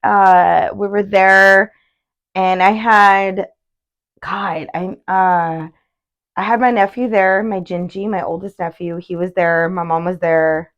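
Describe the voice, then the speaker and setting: A woman's voice: mid-range voice, fairly even intonation, dull audio. Woman co-host, loose and chatty, meanders with "like" and "uh". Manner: rambling, filler-heavy, quick to laugh along. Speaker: podcast co-host. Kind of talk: casual chat.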